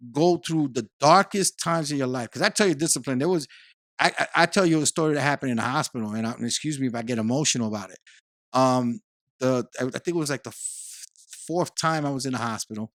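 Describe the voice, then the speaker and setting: Man guest, mid pitch, lively storyteller who repeats himself, dry close sound. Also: a little fast, no echo. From Puerto Rico. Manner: animated storyteller, repeats words and phrases. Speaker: podcast guest. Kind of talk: casual conversation.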